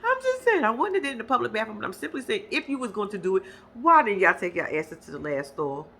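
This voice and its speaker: A woman's voice: mid-range voice, lively intonation, quick pace, bright, forceful tone. A young woman giving a sassy, slangy recap of a reality show, mimicking the cast in squealing voices. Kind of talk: casual recap commentary.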